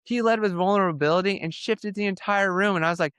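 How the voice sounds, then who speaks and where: A man's voice: high voice, fast, smooth, dry recording, studio quality. A man guest on a podcast, talking candidly and intensely, acting out what he said to others as he tells his story. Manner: intense, animated storytelling, quoting himself.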